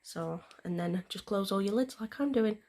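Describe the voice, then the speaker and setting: A woman's voice: medium pitch, normal speed, darkish tone. A woman vlogger, explaining a nail tutorial in a chatty, rambling way with plenty of fillers. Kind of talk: casual step-by-step tutorial.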